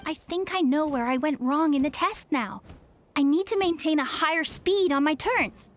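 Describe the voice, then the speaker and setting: A woman's voice: high-pitched, moderate pace, natural voice. A woman voicing an earnest, self-doubting young woman warrior in training, reading game dialogue aloud. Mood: eager.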